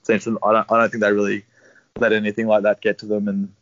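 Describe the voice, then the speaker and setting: A young Australian man telling a rambling sports story in a relaxed, swear-laden way. His voice sits fairly low. The recording is dry and a little dull, with no room sound at all. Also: fast, dry recording. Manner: laid-back, swears freely, laughs while telling stories. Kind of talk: casual storytelling.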